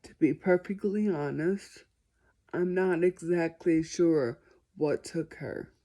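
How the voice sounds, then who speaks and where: Laid-back woman talking to her camera, super mellow low tone, takes her time. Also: slow. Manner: chatty and self-deprecating, often apologizing. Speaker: musician answering viewer questions. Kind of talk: casual question-and-answer vlog.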